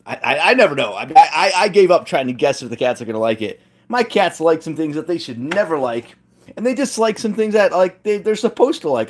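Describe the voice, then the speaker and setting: High-voiced, chatty kitchen host. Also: male voice, a little mellow, a little hiss or hum. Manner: chatty, joking, self-deprecating. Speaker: cooking challenge host. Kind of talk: casual live-stream chat. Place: home kitchen.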